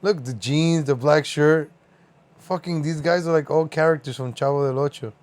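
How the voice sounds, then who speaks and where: A man's voice: fairly high pitch, moderate pace, darkish tone. A man hosting a livestream, giving casual reaction commentary. He laughs a lot and swears freely. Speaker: livestream host.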